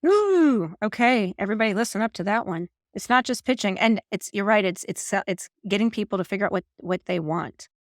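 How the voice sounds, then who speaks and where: A woman hosts an interview with an enthusiastic, thinking-aloud manner, often restarting her sentences. Her voice carries a gravelly fry, and the recording is dry and close. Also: mid-range voice, fast talker, few pauses, dry recording. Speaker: host. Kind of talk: casual interview chat.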